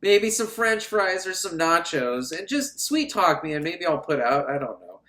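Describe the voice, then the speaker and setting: A man's voice: on the high side, very animated, moderate pace, sharp tone, echoey room. A man voicing a jaded, numb young woman who talks bluntly and crudely. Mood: deadpan.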